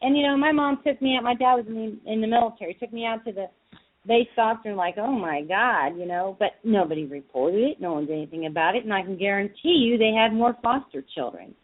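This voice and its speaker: A woman's voice: on the high side, fast. A woman speaking as a guest on a call-in show, earnest and talking in loose runs of thought. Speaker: guest, advocacy group director. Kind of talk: casual call-in chat. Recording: phone-line sound.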